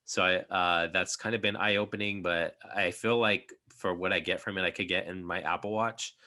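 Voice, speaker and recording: A young man talks casually as a podcast host, rambling through his thoughts with plenty of fillers. His voice sits low but has a bright, forward edge. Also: steady tone, moderate pace. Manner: rambling, many fillers and restarts. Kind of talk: casual chat.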